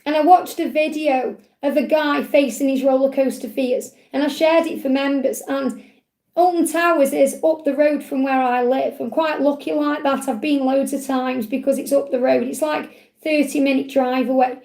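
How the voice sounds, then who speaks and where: A woman with a Stoke-on-Trent accent, chatting warmly and digressively as she answers viewers' questions in a live card reading. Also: high-pitched, fairly even intonation, moderate pace, creaky, roomy sound. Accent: Stoke-on-Trent English. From England. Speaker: spiritual reader.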